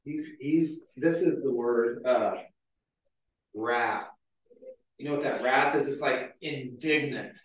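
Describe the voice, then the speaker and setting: A man's voice: medium pitch, slow pace. A man preaching a casual, conversational sermon, telling stories with a lot of filler words. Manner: chatty, storytelling, frequent "like" fillers. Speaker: pastor. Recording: very echoey hall, mic far off.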